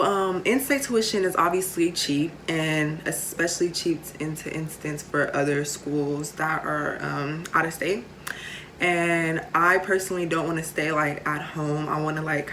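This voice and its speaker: A woman's voice: low voice, fairly even intonation, normal speed, a bit bright, a little hiss or hum. A young woman, chatting casually to camera with lots of fillers and playful asides. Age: late teens. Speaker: vlogger.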